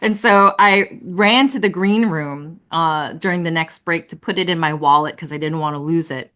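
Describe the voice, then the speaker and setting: A woman puppeteer, a guest on a video-call interview, telling lively stories with lots of laughter and fillers. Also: low voice, normal speed. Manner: animated, laughing, many fillers. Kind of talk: casual interview storytelling.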